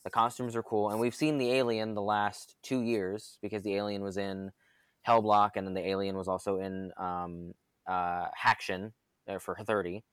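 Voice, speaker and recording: A man's voice: on the low side, little pitch movement, moderate pace, clear, resonant tone, no echo. A man co-hosting a casual podcast chat, enthusiastic and long-winded, full of fillers and restarts. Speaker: podcast co-host.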